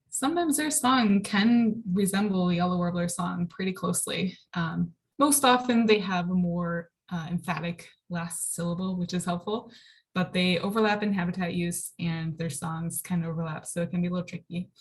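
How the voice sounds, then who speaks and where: Relaxed woman giving a casual talk. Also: lowish voice, moderate pace. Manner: relaxed, frequent ums and likes. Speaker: birding presenter. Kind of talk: casual online slide lecture. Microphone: video call.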